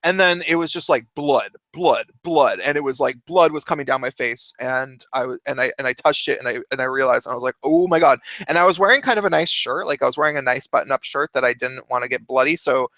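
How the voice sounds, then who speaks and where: A young man telling a story in a casual, animated way, laughing often and swearing. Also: mid-range voice, fast, hardly any pauses, no room sound. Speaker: vlogger.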